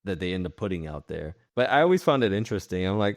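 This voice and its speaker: A man co-hosting a podcast, talking in a slightly low voice in loose, rambling chat. He stumbles and repeats himself and acts out little phone calls. The sound is dry and close, with little room in it. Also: big pitch swings, fast talker, dry recording. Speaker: podcast co-host.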